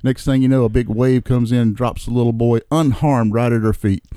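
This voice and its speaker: Casting: male podcast guest, mid-pitched, easygoing storyteller, dry sound. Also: steady tone, normal speed, mellow, smooth, no room sound. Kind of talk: casual chat and joke telling.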